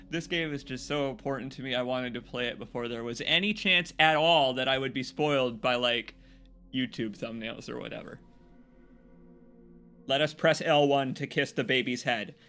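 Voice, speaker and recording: A man streaming a video game, chatting casually with viewers and reacting excitedly. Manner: excitable, swears freely, laughs loudly, jumps to high yelps.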